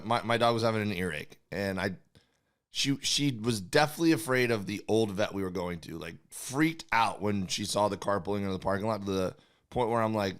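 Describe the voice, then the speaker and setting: A man's voice: fairly low pitch, lively intonation, fairly quick, a bit bright, clean tone. A middle-aged man co-hosting a comedy podcast, telling rambling stories and acting out the people in them. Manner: rambling storyteller, acts out conversations. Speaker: podcast co-host. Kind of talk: casual comedy chat.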